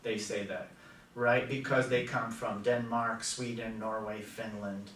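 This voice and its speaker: A man's voice: lowish voice, little pitch movement, unhurried, a bit bright, a little hiss or hum. A man with an American accent teaching a classroom lecture, chatty and stopping often to ask his students questions. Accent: General American. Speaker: language teacher. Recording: echoey classroom from far off.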